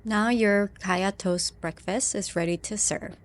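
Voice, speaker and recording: A woman's voice: medium pitch, steady tone, measured pace. A woman cooking at home and chatting playfully, dropping in bits of Malaysian slang as she talks. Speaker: home cook. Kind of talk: casual cooking vlog chat.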